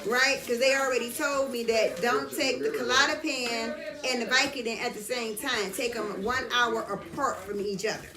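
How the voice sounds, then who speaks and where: Middle-aged woman vlogger, talkative storyteller with a slightly high voice, voices chattering behind her. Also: normal speed, hardly any pauses, reverberant. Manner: animated retelling, keeps asking "you understand?". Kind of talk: casual storytelling chat. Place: hair salon, getting hair done. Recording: busy background chatter.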